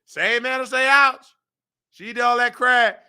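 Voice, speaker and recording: A man hosting a casual commentary show, talking in an animated, preachy way and breaking into sung and recited lyrics. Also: very high-pitched, a little slow, clear, resonant tone. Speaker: host.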